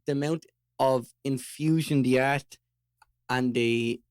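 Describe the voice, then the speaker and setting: An Irish man co-hosting a podcast, talking in an animated, ranting way while chewing toffee. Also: medium pitch, slow, smooth, no room sound, clean studio sound. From Ireland. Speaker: podcast co-host. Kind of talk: casual chat.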